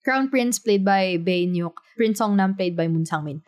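A woman's voice: mid-range voice, normal speed, a little mellow. A woman talking casually to camera about a drama she loves, gushing and emphatic, with plenty of "like" and "you know". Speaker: drama reviewer. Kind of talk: casual video review. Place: her room.

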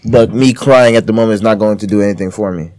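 A man's voice: fairly low pitch, steady tone, fast talker, darkish tone. A man co-hosting a casual podcast chat, blunt and argumentative, swearing casually. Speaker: podcast co-host.

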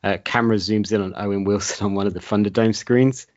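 Deep-voiced man reading a comedy script. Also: fairly even intonation, quick pace, a little mellow, muffled recording. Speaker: podcast co-host reading a script. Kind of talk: comedic script read-aloud.

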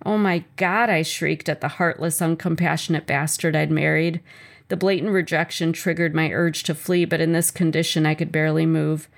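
A woman with a slightly low, creaky voice reads aloud from her memoir. Her first-person reading of the chapter is personal, measured and earnest.

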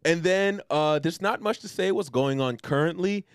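A man's voice: on the high side, moderate pace, smooth, no echo. A man co-hosting a podcast, talking loosely with lots of slang, fillers and swearing. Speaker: podcast co-host. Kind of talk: casual chat.

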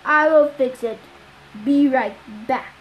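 A big young cyclops, played by a woman reading aloud, talks in slow, simple, booming words. He is gentle but set on his task. His voice sits high for a giant, with a faint hiss behind it. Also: low-quality recording. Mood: determined. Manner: slow, loud, simple speech.

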